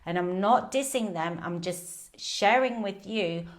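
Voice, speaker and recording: A woman's voice: medium pitch, a little slow. A woman coach talking candidly on a live video about food, rambling with fillers and restarts. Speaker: binge eating coach. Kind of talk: casual live video talk.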